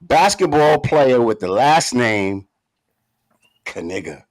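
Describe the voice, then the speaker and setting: A man hosting a casual sports podcast who leads the segments in a relaxed way. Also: medium pitch, moderate pace, no echo. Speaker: podcast host.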